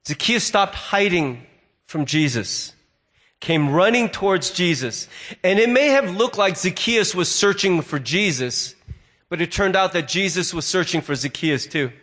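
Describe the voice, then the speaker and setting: A man's voice: high voice, expressive, measured pace, a bit bright. A male pastor giving a sermon, telling a story and briefly voicing the people in it. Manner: storytelling, acts out voices in quotes.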